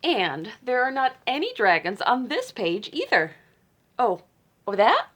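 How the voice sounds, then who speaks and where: A woman librarian reading a picture book aloud to children, playful and teasing, with dramatic gasps and hushed asides. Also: on the high side, huge pitch swings, a little slow.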